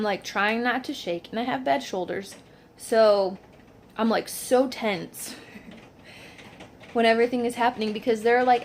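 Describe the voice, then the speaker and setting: A woman's voice: a little high, slight background noise. A young woman vlogging at home, telling a story in a chatty way, filling her talk with "like" and acting out what people said. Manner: chatty, says "like" constantly, acts out quoted lines. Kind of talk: casual storytelling to camera.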